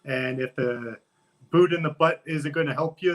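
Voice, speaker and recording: A man's voice: on the high side, measured pace. A man as a guest on a casual interview podcast, talking in an easygoing, upbeat way.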